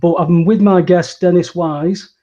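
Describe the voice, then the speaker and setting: A man hosting a casual talk show, rambling and restarting his sentences and growing animated when he agrees. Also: sits high, unhurried, lo-fi sound, slight background noise. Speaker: host. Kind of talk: casual conversational podcast chat.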